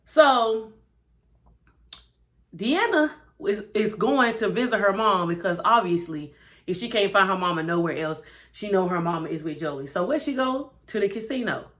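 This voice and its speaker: A woman's voice: mid-range voice, moderate pace. Chatty woman recapping an episode. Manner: animated and chatty, acts out the characters' lines. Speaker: TV show reviewer.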